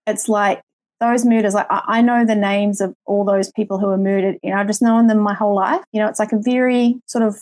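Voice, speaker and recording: A woman's voice: medium pitch, steady tone, a little fast, darkish tone, dry recording. A New Zealand woman in her forties, a podcast guest, talking in a rambling, hedging way with lots of fillers. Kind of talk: casual podcast chat.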